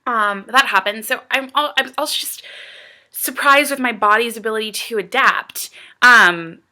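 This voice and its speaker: An American woman chats straight to her camera in a high, lifted voice, rambling earnestly and leaning on plenty of fillers. Her tone is bright and forward. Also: moderate pace. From United States. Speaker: vlogger. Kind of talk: casual chat to camera.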